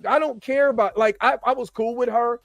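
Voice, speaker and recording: A man's voice: very high voice, fairly even intonation, a little fast, gravelly, no room sound. A man hosting a casual chat, rambling and often asking "you know what I'm saying". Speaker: host.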